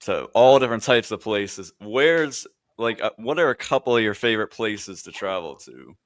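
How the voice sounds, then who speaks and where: Brief: male co-host, lowish pitch, dry close sound, easygoing questions. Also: lively intonation, normal speed, no room sound. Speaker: podcast co-host, interviewer. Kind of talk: casual interview questions.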